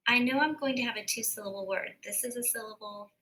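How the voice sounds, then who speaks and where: A woman teacher giving a recorded phonics lesson, slowly and carefully sounding out words. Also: fairly high pitch, pushed and bright, low-quality recording.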